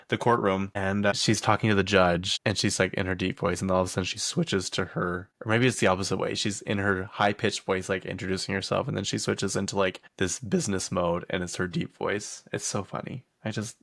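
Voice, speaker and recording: A man's voice: low-pitched, level tone, fairly quick, gravelly, fairly bright tone, no room sound, studio quality. A young man hosting a casual pop culture chat, rambling along with plenty of fillers and laughs. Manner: rambling, chatty, laughs often, lots of fillers. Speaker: pop culture podcast host.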